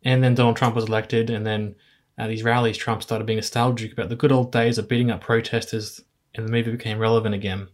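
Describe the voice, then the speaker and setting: A man's voice: on the low side, level tone, fast talker. A man hosting a casual film-review podcast, talking in an easygoing, hesitant way with frequent chuckles. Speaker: podcast host.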